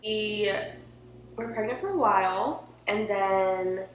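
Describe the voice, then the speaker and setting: A woman's voice: medium pitch, takes it slowly. A young woman telling a personal story in a casual, emotional, chatty way, filling her talk with "like". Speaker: vlogger. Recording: echoey room with faint hum.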